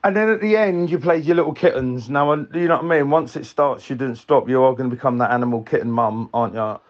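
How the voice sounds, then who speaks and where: A man's voice: medium pitch, fast talker, highs cut off. A man with a Cockney accent leaving a rambling, earnest voice message for a podcast. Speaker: caller leaving a voice note. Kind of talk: casual voice message.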